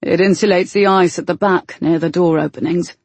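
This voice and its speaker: A gruff, brooding man who speaks low and teasing in a storybook scene, as a woman narrator puts him on. The voice is husky and dark, with a dry, close sound. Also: steady tone, fairly quick, dry recording. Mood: wry.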